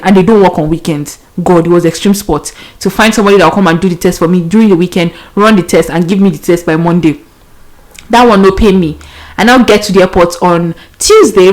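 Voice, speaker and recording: A young Nigerian woman hosting a podcast, telling a story casually and animatedly, laughing often and mixing in pidgin. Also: mid-range voice. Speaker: podcast host.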